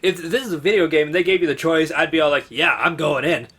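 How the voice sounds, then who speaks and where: A man's voice: on the high side, racing, fairly bright tone. A man playing a video game and chatting casually with a friend, arguing points, joking and reading the game's text aloud. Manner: argumentative, joking, reads on-screen text aloud. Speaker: player and co-host. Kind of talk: casual let's-play banter.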